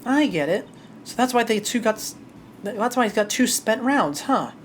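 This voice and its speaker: A streamer voicing a brash, excitable male detective with a raised, eager voice while reading a game aloud. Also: medium pitch, moderate pace, slight background noise, pitched above the performer's own voice, natural voice.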